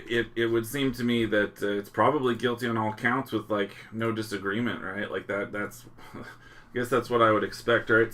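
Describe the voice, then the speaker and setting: Male live stream host, relaxed and chatty, reads viewer shout-outs, mid-pitched. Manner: casual, reading viewer locations aloud; chuckles often, loose restarts. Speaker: livestream host.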